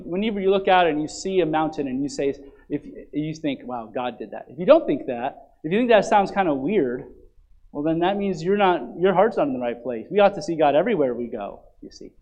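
Man preaching with swings from soft to loud. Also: on the high side, animated, a little fast, dull audio. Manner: conversational asides with "right?" and "you see?". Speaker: pastor. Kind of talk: sermon.

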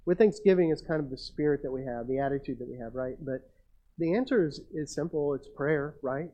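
A man's voice: on the high side, normal speed, mellow, low-quality recording. A man preaching a sermon as pastor, talking casually with the congregation and reading scripture aloud.

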